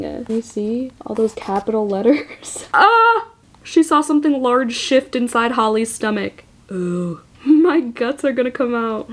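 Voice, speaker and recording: A woman's voice: mid-range voice, vocal fry, a little hiss or hum. A woman reading a book aloud at home in a casual vlog, reacting with laughter, groans and swearing. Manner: expressive, swears and laughs often, reads passages aloud. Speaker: book vlogger. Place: at home at a table.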